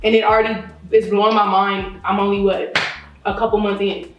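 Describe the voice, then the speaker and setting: A woman's voice: medium pitch, fairly quick, dull audio. A woman guest chatting casually while cooking in a kitchen, telling a story with lots of laughter and acting out quotes. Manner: animated storyteller, laughs often, acts out quotes. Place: home kitchen. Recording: echoey kitchen, distant mic, music behind.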